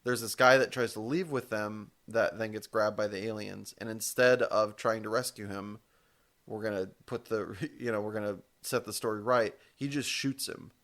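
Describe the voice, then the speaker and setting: A man talking through ideas on a podcast in relaxed, rambling chat. His voice sits low with a gravelly edge, and he often doubles back to correct himself mid-thought. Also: moderate pace. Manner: rambling, self-correcting, casual swearing. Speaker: podcast co-host. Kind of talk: casual chat.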